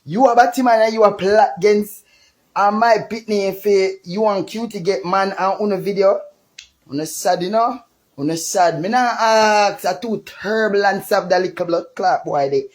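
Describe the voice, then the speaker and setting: A woman's voice: mid-range voice, normal speed. A woman with a Jamaican accent delivering an angry, profane rant as a vlogger, hurling insults.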